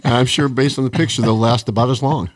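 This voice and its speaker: A man's voice: medium pitch, steady tone, brisk, no echo. A middle-aged man co-hosting a podcast, trading blunt, sarcastic jokes in casual banter. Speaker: podcast co-host.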